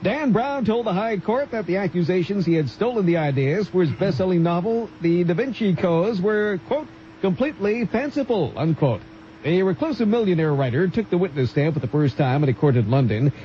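High-voiced mock-formal radio newsreader. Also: male voice, lively intonation, normal speed. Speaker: radio co-host reading news. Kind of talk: mock newscast reading. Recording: dull radio broadcast with faint hiss.

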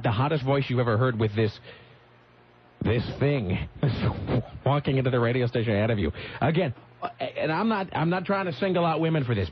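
A male radio host rambles through a story, cutting himself off and restarting as he goes. His voice sits in an ordinary middle pitch. It comes through a slightly muffled broadcast with a faint hiss behind it. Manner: rambling, self-interrupting storyteller. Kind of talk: morning radio banter and storytelling. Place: radio studio.

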